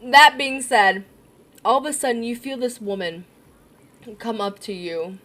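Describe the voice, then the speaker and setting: A woman running a tabletop role-playing game, narrating scenes in a giggly, halting way with many fillers. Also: a little high, fairly bright tone. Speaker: game master.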